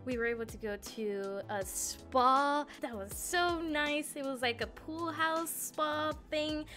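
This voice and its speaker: A woman's voice: high voice, slow, sharp tone, soft background music. A young woman vlogger casually telling a travel story, rambling and giggling self-consciously.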